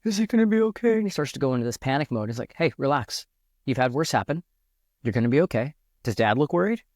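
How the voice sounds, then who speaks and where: A man with a medium-pitched, slightly mellow voice talks animatedly and quickly as a podcast guest. In this reflective, casual conversation he's earnest, often restarting sentences as he thinks aloud. The clean studio sound has no echo.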